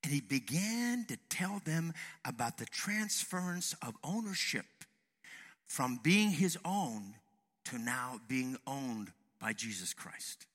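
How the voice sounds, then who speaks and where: A middle-aged man preaching a sermon with emphasis, swinging between loud passages and hushed ones. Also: medium pitch, big pitch swings, takes it slowly. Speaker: pastor. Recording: long hall reverb.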